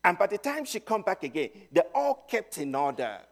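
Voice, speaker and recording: A middle-aged man preaching a sermon, telling stories with emphasis and swinging between loud and hushed. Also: sits high, huge pitch swings, normal speed.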